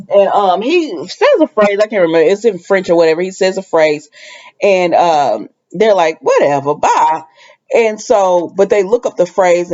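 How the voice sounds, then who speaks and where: A woman's voice: mid-range voice, a little mellow, dull audio. Chatty woman retelling a soap episode. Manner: chatty storytelling, acting out quoted lines. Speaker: soap opera recap vlogger. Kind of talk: casual spoken recap.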